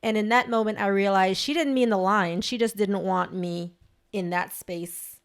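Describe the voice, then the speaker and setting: Woman from belize telling her story, earnest, smooth clear tone, trips over words a bit. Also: mid-range voice, normal speed. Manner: earnest storytelling with many restarts. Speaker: guest author. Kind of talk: conversational interview.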